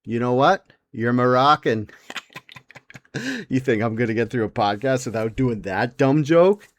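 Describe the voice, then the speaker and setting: A man's voice: unhurried, dry recording. Swearing mid-40s man ranting on a podcast. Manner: swearing, rambling, mock-outraged, with sudden jumps to a high excited voice. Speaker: podcast host. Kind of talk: solo comedic podcast rant.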